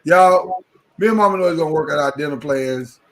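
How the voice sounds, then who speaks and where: A man hosting a podcast in casual chat, animated, rambling and restarting his sentences, with sudden jumps up in pitch and loudness. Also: fairly quick. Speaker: podcast host.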